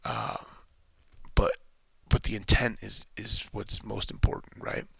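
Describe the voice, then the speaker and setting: A man's voice: lowish voice, very animated, a little slow, gravelly, fairly bright tone, husky, no echo. A man in a casual spoken monologue, thinking aloud and rambling with frequent restarts.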